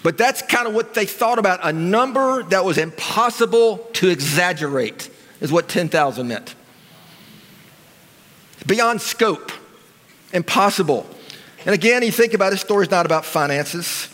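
A man preaches from the front of a church, his voice pitched fairly high for a man. He talks to the congregation in a casual, conversational way and keeps asking them questions. The sound carries a long reverb from the large hall. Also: lively intonation, normal speed, a bit bright. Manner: conversational, asks the audience questions. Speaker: pastor. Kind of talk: sermon. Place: church sanctuary.

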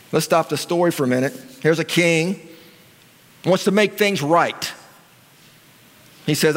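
A man's voice: fairly high pitch, a little slow, long pauses. A male pastor preaching a sermon in a church, talking in a conversational way and asking his audience questions. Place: church sanctuary. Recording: long reverb of a large hall.

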